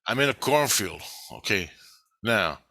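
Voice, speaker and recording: A man's voice: fairly low pitch, big pitch swings, measured pace, bright, forceful tone, dry recording. A man telling a dream in a casual, rambling way, swearing often and acting out the dialogue. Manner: profane, rambling, acts out quoted dialogue. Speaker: video creator recounting a dream. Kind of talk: casual storytelling monologue.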